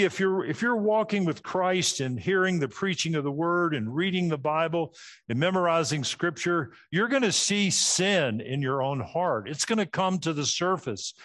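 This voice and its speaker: A middle-aged man preaching an expository sermon, laying out his points in a clear teaching manner and dropping low at the ends of phrases. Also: a bit bright. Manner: structured, teaching, drops pitch at phrase ends.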